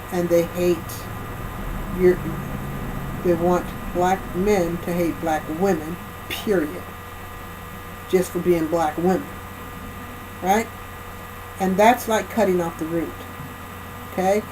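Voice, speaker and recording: A woman's voice: on the low side, background noise. Emphatic woman giving a rambling spiritual lecture. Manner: emphatic, repeats phrases and restarts often, checks in with "right?" and "okay?". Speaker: spiritual speaker.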